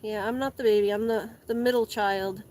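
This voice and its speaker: Out in the garden repotting plants, a young woman vlogs in casual chat, laughing frequently, rambling, and leaning on "like." She speaks a little fast in a steady, mid-range voice that's a little mellow, with slight hiss or hum.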